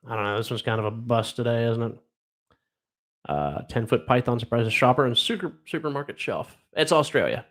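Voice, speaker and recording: A middle-aged man from Ohio hosts a casual live stream and reads odd news aloud. He rambles and trails off, with plenty of fillers and wry asides. His voice sits at an ordinary pitch. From Ohio, USA.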